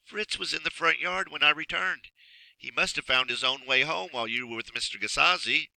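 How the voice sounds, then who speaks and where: A man putting on a kind older lady in a storybook, raising his voice into a soft, soothing lilt. The sound is bright and close, with a dry, intimate feel. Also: a little high, brisk, creaky, no echo, pitched above the performer's own voice, heavily acted, poor audio. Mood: gentle reassurance. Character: kindly older woman, gently amused.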